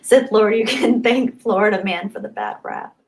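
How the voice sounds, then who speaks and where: A bubbly young woman hosts a casual livestream and chats warmly with her viewers. She gushes over their messages in a mid-pitched voice and thinks aloud as she scrolls. Her talk is excitable and loose, with lots of thanks. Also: normal speed, creaky. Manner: chatty, thinks aloud while reading the chat. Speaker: livestream host. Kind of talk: casual live chat, reading super chats.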